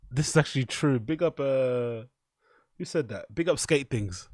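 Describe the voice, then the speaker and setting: A man talks through clips on his stream in a loose, swearing, offhand way. His voice sits at an ordinary middle pitch. The sound is close and dry, with no room around it. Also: lively intonation, normal speed, darkish tone, dry recording. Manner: loose and profane, riffing on clips. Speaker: streamer host. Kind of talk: casual stream commentary.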